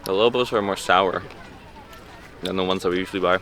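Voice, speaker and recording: A man talking casually to the camera as a fitness vlogger, explaining in a relaxed way with lots of fillers, outdoors at a farm orchard. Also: low-pitched, fairly quick. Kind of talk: casual vlog talk to camera.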